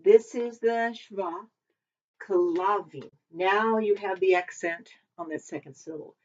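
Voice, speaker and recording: A woman teaches a relaxed vocabulary lesson, talking through each word and checking herself as she goes. Her voice sits at a middle pitch for a woman. The recording is dull and lo-fi. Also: normal speed. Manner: chatty, thinks aloud, double-checks herself. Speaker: Hebrew teacher.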